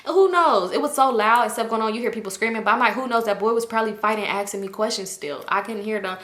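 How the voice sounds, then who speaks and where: A young woman tells a story in a bright, slightly high voice, loose and profane. She talks casually and animatedly, laughing along as she goes. Her voice carries a roomy echo. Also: fast talker. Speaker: storytime vlogger.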